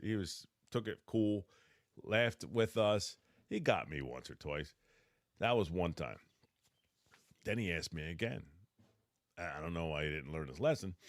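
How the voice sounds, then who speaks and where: A middle-aged man, a podcast host and electrician trainer, telling stories in a casual, animated way, stammering, laughing and acting out quotes in a raised voice. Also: low-pitched, dry recording, clean studio sound. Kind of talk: casual storytelling.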